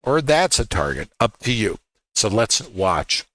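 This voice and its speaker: A man coaches viewers through a live chart in a bright, forceful voice. He hammers key words through repetition and keeps asking his audience rhetorical questions. The sound is close and dry, with no room in it. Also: lowish voice, big pitch swings, unhurried, dry recording, poor audio. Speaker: trading educator. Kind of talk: live trading chart walkthrough.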